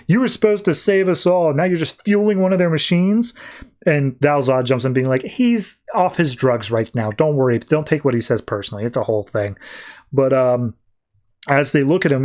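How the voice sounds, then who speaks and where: A man recaps a comic book issue casually on a podcast, retelling the characters' lines in quick paraphrase packed with "like." His voice is mid-range with a darkish tone.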